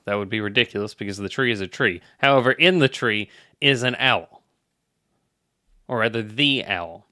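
Bright-voiced man, wry and pedantic. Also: fairly low pitch, dry recording, studio quality. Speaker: podcast co-host. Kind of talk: casual storytelling chat.

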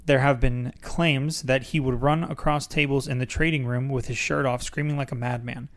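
A man's voice: mid-range voice, fairly even intonation, normal speed. A young man reading a book aloud on a podcast, dramatic in delivery and breaking off to joke. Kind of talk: casual reading aloud with asides.

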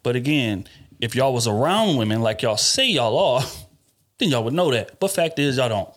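A man's voice: mid-range voice, animated, moderate pace. A man hosting a podcast, talking about dating in an emphatic, profane, casual way. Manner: emphatic, profane, talks over others. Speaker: podcast host.

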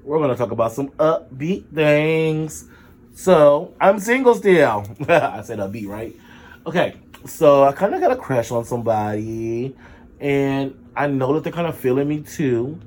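Sick guy with a sore throat, low energy, chatting to his viewers, mellow dark voice, sassy and expressive. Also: normal speed, breathy edge. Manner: chatty and expressive, with sudden high exclamations and sassy asides. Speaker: vlogger. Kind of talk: casual storytelling to camera.

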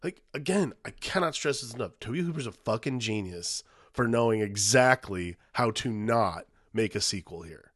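Lower-voiced man making an emphatic point. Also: lively intonation, normal speed, few pauses, dry recording, clean studio sound. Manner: emphatic, repeats himself, profane. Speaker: podcast co-host. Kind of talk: casual movie-review chat.

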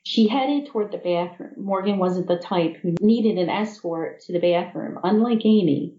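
A woman author reading her own novel aloud in measured first-person storytelling. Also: mid-range voice, mellow, echoey room, lo-fi sound.

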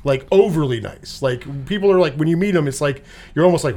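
Laid-back swearing podcast host, higher voice. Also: male voice, lively intonation, fast, a little mellow. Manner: laid-back, swears often, laughs along. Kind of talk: casual movie review chat.

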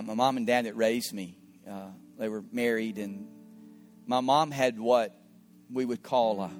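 A middle-aged male pastor tells a story in an earnest sermon voice. He repeats words as he searches for them and sometimes drops to quiet asides. Soft guitar plays faintly behind him. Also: fairly low pitch. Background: faint guitar music.

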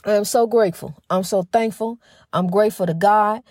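A middle-aged woman hosting a faith-based talk program in a casual spiritual monologue. She talks fast with a slight stutter, restarts often, and keeps calling her listeners "honey". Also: mid-range voice, a little mellow, dry recording, clean studio sound. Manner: folksy and emphatic, says "honey" often.

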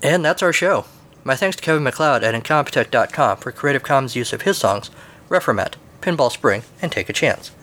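A man's voice: mid-range voice, a bit bright. A male podcast host reads a comic story with dry, offhand humor. His delivery is casual and wry.

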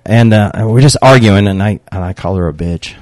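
A man's voice: fairly low pitch, normal speed, dry recording. A middle-aged man, a retired cop and dad, telling rowdy family stories with lots of laughter and swearing. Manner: laughing, profane, animated storyteller. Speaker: podcast guest, retired police officer dad. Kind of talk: casual storytelling chat.

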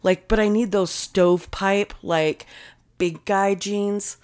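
A young woman co-hosting a casual chat, brash and profane, getting loud when worked up. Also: medium pitch, steady tone, slow, smooth. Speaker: podcast co-host.

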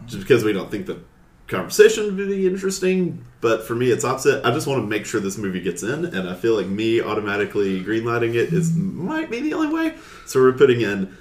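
A man's voice: mid-range voice, big pitch swings, quick pace, echoey room. A man co-hosting a casual podcast, with a dry joking manner. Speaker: podcast co-host. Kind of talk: casual chat.

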